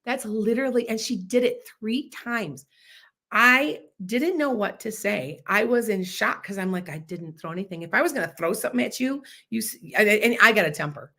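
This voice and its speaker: Boisterous woman, fifties, loud, casual podcast chat. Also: on the high side, expressive, normal speed. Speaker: podcast host.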